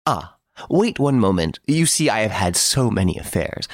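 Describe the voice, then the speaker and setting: This is a suave gentleman thief, relaxed in his cell and amused by everyone around him, as a man puts him on. He teases and brags in a voice that leaps up and down, with some gravel under it. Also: fairly low pitch, normal speed, dry recording, clean studio sound, voice pushed up. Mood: mocking, playful. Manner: playful, teasing, boastful. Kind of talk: audiobook character reading.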